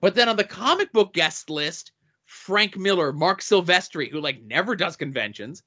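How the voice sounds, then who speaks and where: Bright-voiced man running down guest lists. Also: high voice, animated, normal speed, highs cut off. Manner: reads off guest lists with dry asides. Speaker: podcast co-host. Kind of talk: casual podcast chat.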